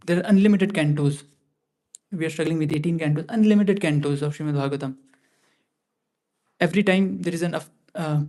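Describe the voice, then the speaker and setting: A man's voice: on the high side, a little mellow. A man giving a scripture class in a temple, talking conversationally and often restarting and repeating phrases. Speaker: class speaker.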